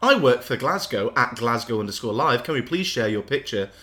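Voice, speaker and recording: A man with a bright, clear voice hosts a casual podcast game. He jokes around and reads replies aloud, breaking into frequent laughs. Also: mid-range voice, animated, fairly quick. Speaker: podcast host running a game.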